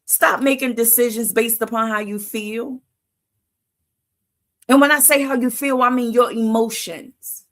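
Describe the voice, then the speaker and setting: A woman's voice: fairly high pitch, steady tone, measured pace, a bit bright. A woman hosting a livestream who gives a motivational talk in casual vernacular, asking "Why?" before each answer. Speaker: livestream host.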